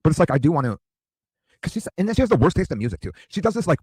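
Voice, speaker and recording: Casual: fifties guy going off, crude and rambly, husky dry voice, talks fast. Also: on the high side, big pitch swings, a little mellow, dry recording. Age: 50s. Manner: profane, rambling, repeats "dude". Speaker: streamer. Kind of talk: crude ranting monologue.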